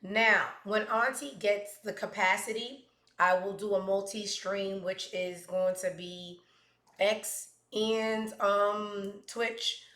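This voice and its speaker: A woman's voice: mid-range voice, steady tone, slow, fairly bright tone, echoey room. A woman hosting a casual livestream, chatting in a rambling, profane way with plenty of asides. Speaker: host.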